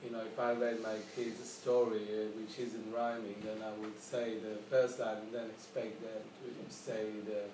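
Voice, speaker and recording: A man who is a parent explains his point step by step and pauses to search for words. He sounds far from the mic in an echoey room, with steady background noise. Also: on the low side. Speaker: parent in discussion group. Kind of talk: casual group discussion.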